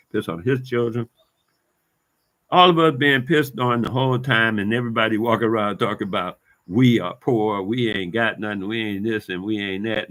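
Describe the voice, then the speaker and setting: A man in a fired-up vlog rant, cursing freely and hammering the same points again and again. His voice sits on the lower side, and he talks in loose, casual street slang. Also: a bit bright. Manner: heated, profane, repetitive street talk. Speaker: vlogger. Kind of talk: ranting monologue to camera.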